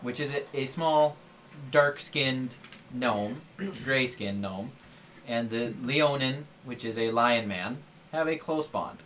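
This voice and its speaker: A man acting as game master, explaining the setup to his players in a relaxed way. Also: mid-range voice, takes it slowly, slight background noise. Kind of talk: running a tabletop game.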